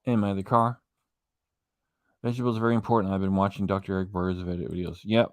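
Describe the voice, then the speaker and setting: A man's voice: sits low, level tone, quick pace, a little mellow, clear, resonant tone, dry recording. A man hosting a reaction channel, giving rambling, mocking casual commentary on a clip. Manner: mocking, rambling, loses his train of thought.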